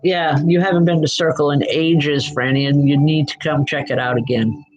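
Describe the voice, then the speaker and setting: A woman's voice: sits low, steady tone, normal speed, a little mellow, poor audio. Chatty woman giving spiritual readings. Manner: chatty, reassuring, addresses viewers by name; frequent fillers and restarts, checks in with "okay?". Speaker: psychic medium host. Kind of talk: live spiritual reading for viewers.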